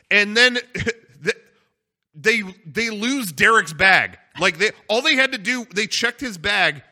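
Podcast cohost guy, high and super bright voice, gets excited, laughs a lot. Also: measured pace. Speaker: podcast co-host. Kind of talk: casual storytelling.

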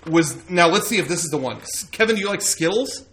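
A man's voice: a little high, expressive, fast, crowd noise. A man co-hosting a podcast, casually reading fan letters aloud and handing out gifts to the group. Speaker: podcast co-host opening fan mail.

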